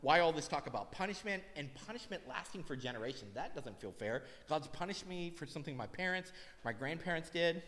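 A man in his thirties preaching a sermon in a relaxed, conversational way with self-deprecating asides. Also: a little high, a little fast. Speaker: pastor. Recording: long reverb.

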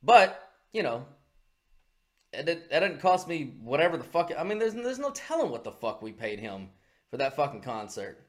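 A man's voice: a little high, very animated, moderate pace. A man co-hosting a podcast, blunt and joking, swearing casually. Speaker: podcast co-host.

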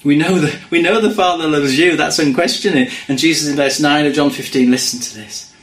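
Guy preaching a sermon, earnest, goes quiet and soft on the bible quotes, roomy echo. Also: a little high, fairly even intonation, a little fast. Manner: earnest, drops to hushed quoting of scripture.

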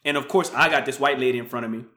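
A man hosting a podcast, telling a story casually, swinging from muttered asides to loud, animated bursts. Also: mid-range voice, rapid-fire. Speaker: podcast host.

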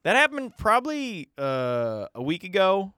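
A man hosting a casual comedy podcast, wandering through his thoughts with hesitant fillers. His fairly high voice jumps around a lot, and the recording is dry and close. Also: huge pitch swings, a little slow, sharp tone, clean tone, no room sound. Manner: rambling, hesitant, joking with fillers. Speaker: podcast host.

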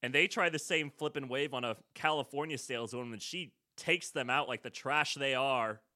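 Young male co-host with a bright voice and dry, wry humor in relaxed movie talk. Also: mid-range voice, moderate pace. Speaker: podcast co-host. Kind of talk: casual movie chat.

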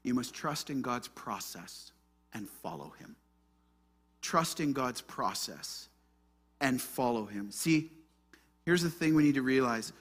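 A man preaching a sermon, earnest and emphatic, moving from hushed prayer to loud stress. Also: mid-range voice, expressive, slow pace, long pauses, slightly rough. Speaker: pastor.

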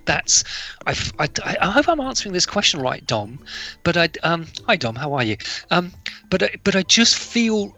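A man's voice: high voice, unhurried, faint music behind. A man, a children's poet, talking casually on a radio show and reading his verse in a playful way. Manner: playful, animated, leads call and response.

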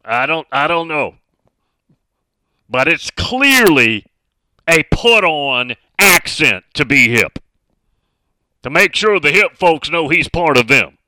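A man's voice: a little high, very animated, slow, long pauses, pushed and bright, no room sound, rough recording. A man hosting a casual sports talk radio show from a studio, chatting and reading out listener messages.

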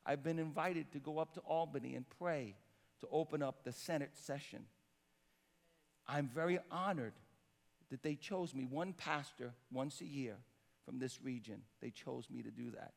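A man preaching a sermon as pastor, emphatic and swinging between loud declarations and hushed passages. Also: medium pitch, moderate pace, creaky. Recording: long hall reverb.

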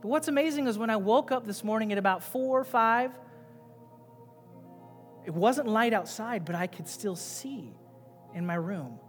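A male pastor preaching a sermon, swinging between loud, emphatic passages and quiet, low asides. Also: expressive, moderate pace, pauses often. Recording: long reverb with faint music behind.

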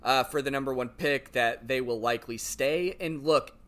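A man co-hosting a sports podcast, telling stories in an animated, rambling, casual way. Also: mid-range voice, normal speed. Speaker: podcast co-host.

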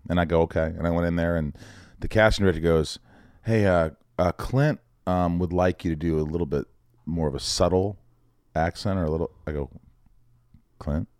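A man's voice: deep voice, clear, resonant tone, no echo, clean studio sound. A middle-aged man from Indiana, a guest telling anecdotes in casual chat and acting out the other people's voices. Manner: animated, acts out voices in anecdotes. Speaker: podcast guest, actor.

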